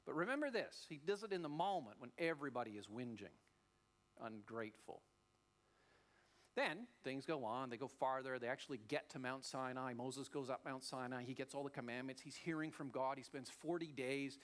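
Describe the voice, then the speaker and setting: A man preaching a sermon as a pastor, telling the story in a lively way and acting out the voices. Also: medium pitch, moderate pace. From Australia.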